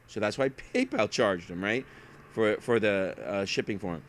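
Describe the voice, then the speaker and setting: A man's voice: on the low side, moderate pace. A man chatting casually as an online reseller, rambling through stories and acting out what people said. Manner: rambling storyteller who acts out quotes. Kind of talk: casual chat.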